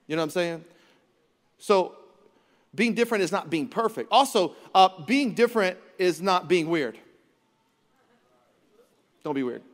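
A man in his thirties preaches to a congregation in a high, bright tenor. He is energetic and playful, cracking jokes and mimicking his kids, and his voice carries a long reverb through a big church hall. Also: measured pace, pauses often. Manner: energetic, joking, acts out his kids' voices. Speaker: pastor. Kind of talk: sermon. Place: large church auditorium.

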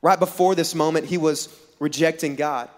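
A man's voice: a little high, moderate pace. A man preaching a sermon to a live audience, telling a funny story and acting out the dialogue in voices. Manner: animated, acts out dialogue in voices, jokes with the crowd. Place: large hall with a live audience on stage. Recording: long hall reverb.

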